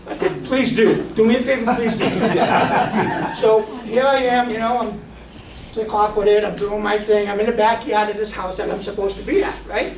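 A man's voice: sits high, moderate pace. Man telling stories in an echoey room. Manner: animated, acts out quoted voices. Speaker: drone photographer guest. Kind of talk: casual storytelling. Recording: roomy, distant mic, noisy.

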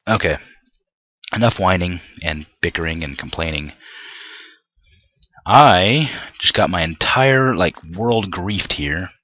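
A man's voice: low-pitched, animated, slow pace, long pauses, dry recording, muffled recording. A young man commenting on his own gameplay, often frustrated and ranting at the game with mild swearing. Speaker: gameplay video creator.

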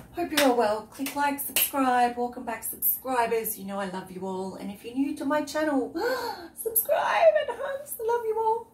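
A woman, unwell with a cough, chatting in a rambling way while cooking for her vlog. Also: medium pitch. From Australia. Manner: chatty, rambling, often trails off into asides. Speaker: vlogger. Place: outdoors on a windy day. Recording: roomy, far from the mic, faint background noise.

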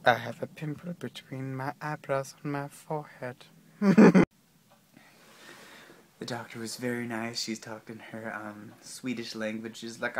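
A man with a sore, infected throat rambling through a comic vlog, cracking deadpan jokes and slipping into whispers. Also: medium pitch, a little slow, pauses often. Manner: joking deadpan asides, drifting into whispers. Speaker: vlogger. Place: waiting outside an animal hospital.

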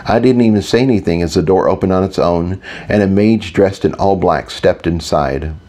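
Low mellow male audiobook narrator. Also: moderate pace. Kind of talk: first-person fantasy narration.

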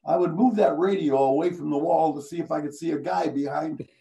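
With a fairly high voice, some vocal fry, and a slightly fast delivery, the veteran Iowa broadcaster shares anecdotes and laughs through the punchlines. The recording is low quality.

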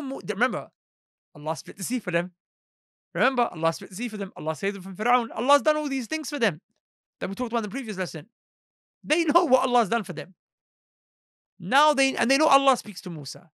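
Clean studio sound with no room echo carries a man's high-pitched voice as he teaches the Quran. Fairly quick but pausing often, this Islamic teacher animatedly voices the people he quotes and poses rhetorical questions to his audience.

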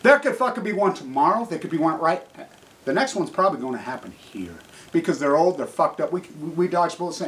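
A middle-aged man ranting angrily to camera, swearing constantly and swinging from low mutters to shouts. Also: sing-song, a little fast, rough recording. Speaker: activist vlogger. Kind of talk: angry profane rant to camera.

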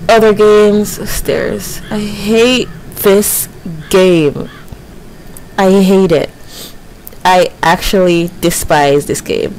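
A woman in her early twenties talks her way through a horror game, jittery and self-mocking, swinging between panic and grumbling. Her pitch sits in a middle range for a woman. A faint hiss runs under her desk-mic sound. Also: darkish tone, low-quality recording. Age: early 20s. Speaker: gamer. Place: home, windy night outside.

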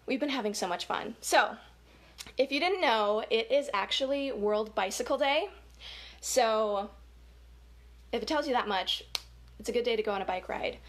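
A woman's voice: a little high, normal speed, pauses often. A woman leading a virtual children's story time on a webcam, upbeat and giggly as she talks to the kids.

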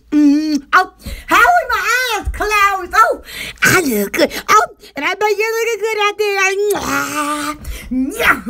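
A woman hosting a casual live stream for her online shop, excitable and giggly, with frequent squeals and exclamations. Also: very high-pitched, creaky. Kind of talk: casual live-stream chat and product selling.

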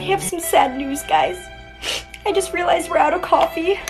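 A woman's voice: very high-pitched, normal speed. A young woman vlogger chatting in an upbeat, goofy way. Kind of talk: casual vlog narration. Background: background music.

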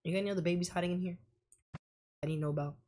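A woman's voice: lowish voice, steady tone, rapid-fire, warm tone. A woman narrating her own horror game playthrough with profane, jokey, dramatic commentary. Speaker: gaming YouTuber. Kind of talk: horror game let's play.

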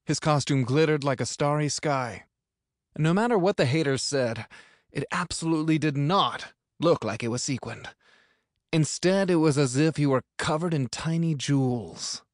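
A man's voice: on the high side, normal speed, dry recording, clean studio sound. A man narrating an audiobook in an upbeat, playful manner, recorded in a booth. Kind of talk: scripted narration.

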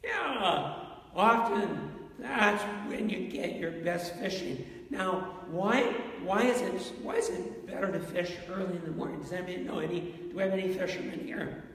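High-voiced, gravelly pastor in an echoey church. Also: male voice, expressive, moderate pace, a bit bright, recorded from a distance. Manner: asks the congregation questions, storytelling. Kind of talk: interactive sermon. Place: church sanctuary. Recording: echoey church with long reverb.

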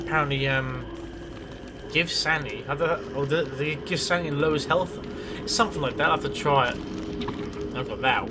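A man's voice: medium pitch, noisy background. A man giving casual gameplay commentary as a let's play host, rambling, swearing freely and talking to himself.

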